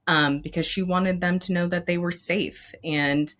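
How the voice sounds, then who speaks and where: A woman with a low voice talks as a guest on a podcast. Her conversation is candid and expressive, she laughs easily and grows emotional at times. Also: measured pace. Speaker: elementary school counselor, guest.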